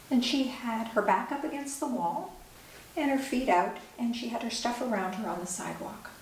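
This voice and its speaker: A middle-aged woman, an author, telling a personal story in an earnest, measured way with pauses. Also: mid-range voice. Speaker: author and speaker. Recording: echoey room, distant mic, faint hiss.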